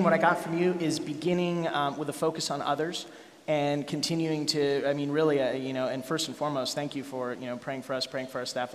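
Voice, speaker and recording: A man's voice: fairly high pitch, fairly bright tone. A man moderating a panel, recapping what each speaker said, thanking them and handing over to the next. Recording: echoey event hall.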